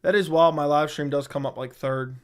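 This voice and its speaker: A man's voice: a little high, fairly even intonation, a little fast, clear, resonant tone. A man hosting a casual livestream, reading viewer comments and answering bluntly, often swearing and repeating himself. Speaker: MMA livestream host. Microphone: studio dynamic microphone.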